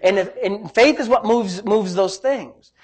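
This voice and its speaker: A man's voice: high voice, a little slow, a little mellow, breathy edge. A male pastor preaching a sermon in an emphatic, repetitive way, often breaking in with praise. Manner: emphatic, repetitive, frequent "praise God" interjections.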